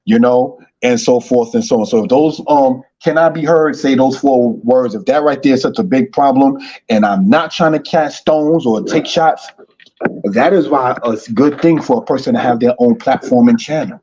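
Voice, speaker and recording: Man teaching Hebrew, dark husky voice. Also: medium pitch, moderate pace, dull audio. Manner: repetitive, addresses listeners as brothers and sisters. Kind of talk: online Hebrew lesson.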